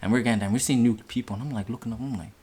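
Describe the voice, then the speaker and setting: Casting: young guy, rapid casual podcast storyteller, loose and sweary. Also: breathy edge. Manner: swearing, animated retelling, voice jumps high in quoted outbursts. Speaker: podcast host.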